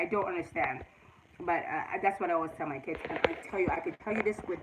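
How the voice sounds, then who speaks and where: A woman's voice: on the low side, a bit bright, low-quality recording. A middle-aged woman hosting a casual livestream, earnestly giving relationship advice straight to her viewers. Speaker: livestream host.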